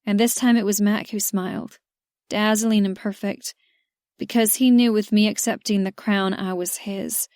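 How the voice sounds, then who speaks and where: In a measured first-person style, a woman narrates a romance audiobook from a script, her voice at an ordinary female pitch, fairly even in intonation and a little mellow. The recording is close and dry, with no room sound at all.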